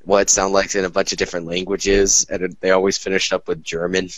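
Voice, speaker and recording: A man's voice: deep voice, monotone, quick pace, no echo, rough recording. A man chatting casually, rambling with many fillers and restarts. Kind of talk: casual chat.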